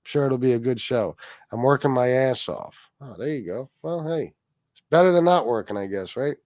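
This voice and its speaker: A man's voice: medium pitch, expressive, normal speed, darkish tone, no echo. Casual profane man hosting livestream. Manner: rambling, swearing, reads chat aloud. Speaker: livestream host.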